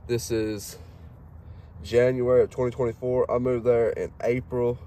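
A man's voice: mid-range voice, flat delivery, measured pace, warm tone. A man in his twenties with a thick Southern accent, chatting in a folksy, rambling way with lots of fillers as he cleans a duck outdoors by his truck. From Mississippi. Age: 20s. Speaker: hunting guide. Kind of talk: casual talk while cleaning a duck. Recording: outdoor recording with faint background noise.

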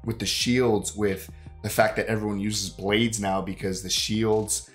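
Rambling through a movie reaction as co-host, this man sounds sick and congested, his lowish voice flat and unhurried. Faint music plays behind him. The talk is casual chat, packed with fillers and offhand swearing.

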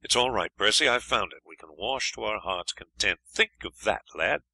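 An audiobook narrator voicing a cheerful, plucky young lad who talks in a hearty, encouraging way. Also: male voice, lowish voice, lively intonation, normal speed, bright, forceful tone, no room sound, heavily acted, low-quality recording.

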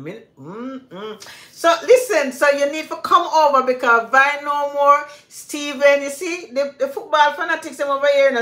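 A woman's voice: sits high, sharp tone. An older woman with a Jamaican accent, chatting casually to livestream viewers as a cooking channel host, telling rambling stories in patois. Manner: chatty storyteller, switches into patois, rambling asides. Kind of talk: casual chat with live viewers. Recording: echoey room.

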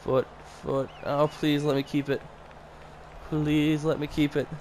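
A man playing a football video game, swearing a lot and reacting nervously and excitedly to every play. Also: a little high, a little slow, slight background noise, rough recording. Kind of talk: casual gameplay commentary.

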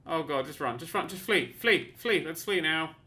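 A man casually commentating on his own gameplay, chatty and excitable, with sudden yelps and mock-boastful asides. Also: on the high side, normal speed. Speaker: let's play host.

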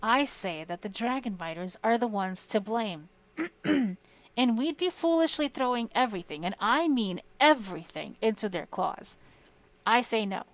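Woman doing a shouty old archmage guy, pompous and spiteful, pitched up and loud, audiobook. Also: animated, unhurried. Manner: shouting, indignant.

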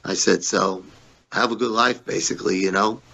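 A man's voice: fairly low pitch, steady tone, moderate pace, creaky, bright, forceful tone, dull audio. Blunt, profane middle-aged man telling stories. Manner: blunt, profane, acts out both sides of old arguments. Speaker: former pro wrestler, interview guest. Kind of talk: shoot interview storytelling.

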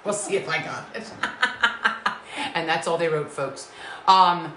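Effusive woman with a bright, forceful voice. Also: sits low, normal speed, slight background noise. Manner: effusive, greets viewers by name and calls them sweetheart and lovies. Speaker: home cooking show host. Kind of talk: live-stream cooking chat. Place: home kitchen. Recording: echoey kitchen.

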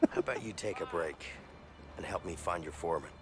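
A man's voice: low-pitched, fairly quick, breathy edge. An actor playing a sardonic, needling male convict in a video game. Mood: probing. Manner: sarcastic, needling.

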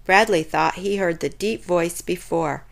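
A woman reading a children's chapter book aloud in an expressive, lively way. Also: fairly low pitch, unhurried, creaky. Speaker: storyteller.

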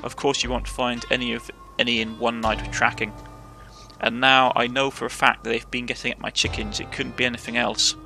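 Man doing a grumpy old farmer, stubborn, scolding, Cornish accent, gravelly bright voice. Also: mid-range voice, little pitch movement, brisk, soft background music. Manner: gruff, scolding.

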